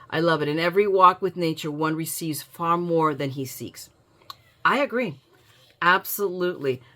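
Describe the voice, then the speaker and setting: A woman's voice: sits low, fairly bright tone. A woman showing off a paper haul in a casual vlog, gushing with enthusiasm and reading quotes aloud. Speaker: scrapbooking vlogger.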